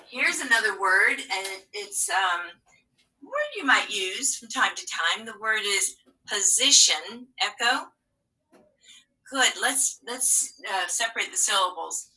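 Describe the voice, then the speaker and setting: A woman teacher walks children through a spelling lesson, speaking slowly and encouragingly. Her voice is very bright, and she often drops to a near whisper. She sounds set back from the microphone. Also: medium pitch, recorded from a distance, rough recording. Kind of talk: remote phonics lesson.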